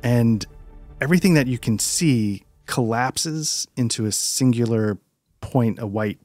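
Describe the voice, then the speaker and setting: Calm man narrating a tabletop game. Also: medium pitch, unhurried, soft background music. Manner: calm descriptive narration with many fillers. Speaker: game master.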